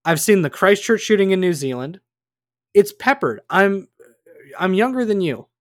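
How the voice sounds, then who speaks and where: A man's voice: high-pitched, big pitch swings, normal speed, no echo. A man in his twenties, co-hosting a podcast, ranting heatedly in casual chat and swearing freely. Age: 20s. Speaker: podcast co-host.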